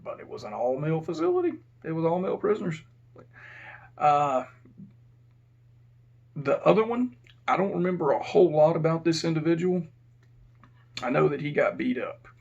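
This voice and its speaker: A man's voice: fairly high pitch, very animated, normal speed, creaky, pauses often, a little mellow, muffled recording. A man who used to be a prison officer tells a rambling, plain-spoken story in a casual way and keeps correcting himself. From Texas.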